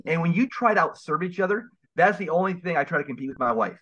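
A man's voice: on the high side, animated, fast talker, pushed and bright. A man speaking as a guest on a podcast, earnest and emphatic, with a preaching manner. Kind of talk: casual podcast interview. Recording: dull lo-fi sound.

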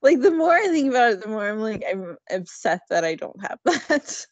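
A woman co-hosting a podcast in casual chat, playful and quick to laugh. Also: a little high, big pitch swings, dry recording. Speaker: podcast co-host.

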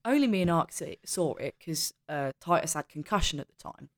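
A woman playing a tabletop role-playing game and chatting casually, animated and chatty. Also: deep voice, brisk. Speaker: player.

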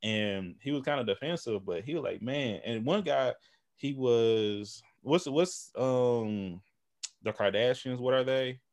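A man's voice: mid-range voice, unhurried, no echo. A man hosting a podcast in casual conversation, loose and rambling, laughing often and acting out relatives' voices as he tells stories. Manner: acts out relatives' voices while telling stories. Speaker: podcast host.

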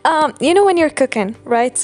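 A woman's voice: high-pitched, lively intonation, normal speed, a little mellow, faint music behind. A young Algerian woman with an Algerian accent and American-learned English, co-hosting a casual podcast with playful asides and frequent laughs. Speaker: podcast co-host.

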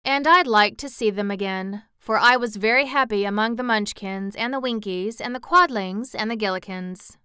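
Woman doing a kindly little old wizard guy, wistful, clear dry voice. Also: mid-range voice, normal speed, few pauses, sharp tone, no room sound, lightly acted. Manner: thoughtful.

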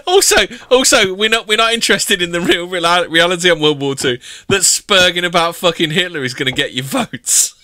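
A man co-hosting a podcast, throwing in animated, jokey remarks. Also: high-pitched, brisk, few pauses, no room sound.

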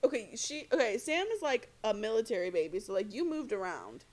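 A young woman with a slightly high voice talks fairly quickly as she co-hosts a podcast. She's an animated storyteller in casual chat, laughing often and swearing freely.

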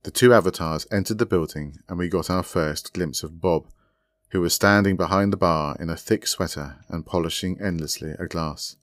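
Deep-voiced man reading a story. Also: normal speed, dry recording. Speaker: author reading his story. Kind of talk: scripted narration of a short story.

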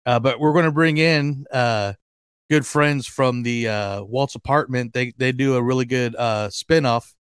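A man hosting a fan podcast in casual chat, excitable and rambling, with lots of fillers and restarts. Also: mid-range voice, measured pace, clean tone, no room sound, clean studio sound. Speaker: podcast host.

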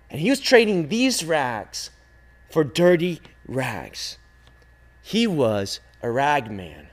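Slow, expressive male storyteller. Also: on the high side. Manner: slow, expressive telling, swinging from loud calls to hushed near-silence. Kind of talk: dramatic storytelling.

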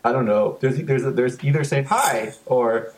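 A man's voice: mid-range voice, measured pace. A man co-hosting a podcast, chatting casually and teasing with dry remarks. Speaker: podcast co-host. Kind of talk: casual chat.

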